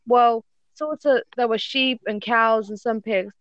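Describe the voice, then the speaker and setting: A woman's voice: on the high side, fairly even intonation, a little slow, no echo, lo-fi sound. A woman reading fan fiction aloud to friends in a casual call, often stumbling and correcting herself.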